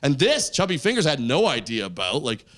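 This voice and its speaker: A man doing stand-up storytelling on a comedy stage, acting out the voices in his stories loudly. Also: medium pitch, a little fast. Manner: animated, acts out quoted voices loudly. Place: comedy stage with a live audience. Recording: live club show, faint crowd noise.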